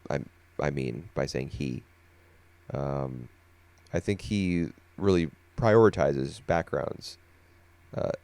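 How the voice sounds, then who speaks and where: A sleepy man co-hosting a casual podcast chat, talking things through in an unhurried, thoughtful way with plenty of fillers. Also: extremely low pitch, vocal fry, a little mellow. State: sleepy, yawning. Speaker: podcast co-host.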